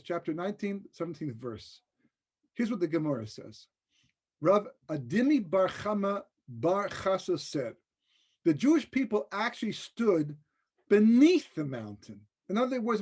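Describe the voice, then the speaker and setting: A rabbi giving a conversational, joking Torah class in a webinar, often checking in with the listeners. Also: male voice, sits high. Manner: conversational and joking, with frequent rhetorical "right?". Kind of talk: casual Torah lecture over a webinar.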